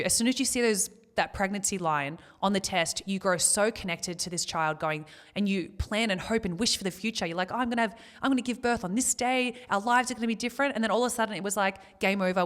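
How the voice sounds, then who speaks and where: A young woman, sharing a painful personal story as a podcast co-host, emotional and near tears at times but quick to laugh. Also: lowish voice, a bit bright.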